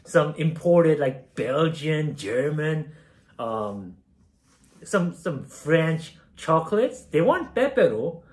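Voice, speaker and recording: A man's voice: a little high, big pitch swings, slow, darkish tone. A young man from South Korea casually telling a story while baking, rambling and self-deprecating, with many fillers. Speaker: streamer.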